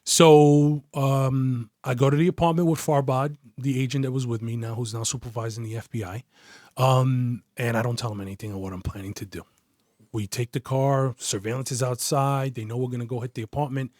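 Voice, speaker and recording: A man, a retired detective as a podcast guest, telling a story in a casual, profane, animated way. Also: mid-range voice, brisk, no room sound, clean studio sound. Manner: profane, animated, acts out quoted voices.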